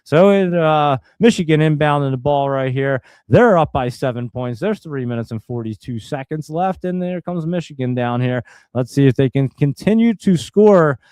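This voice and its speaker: Man, stream host, casual live commentary, excitable, a bit high-pitched. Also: moderate pace, few pauses, smooth, no echo. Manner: chatty and excitable, talks to viewers as guys.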